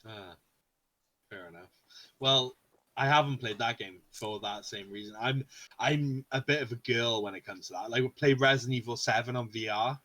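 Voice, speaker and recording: A man in his thirties with a bright, forceful tone, chatting on a podcast. He tells his stories in an animated way, laughs often and swears casually. His pitch sits in the middle range. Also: moderate pace. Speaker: podcast co-host. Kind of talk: casual chat.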